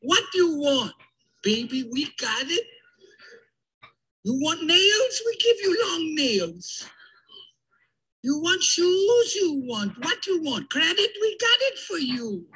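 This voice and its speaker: A man mimicking a pushy, eager shopkeeper hawking goods in a coaxing sing-song with a raspy voice. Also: very high-pitched, very animated, slow pace, long pauses, bright, forceful tone, voice pushed up, exaggerated voice, low-quality recording. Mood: coaxing salesy.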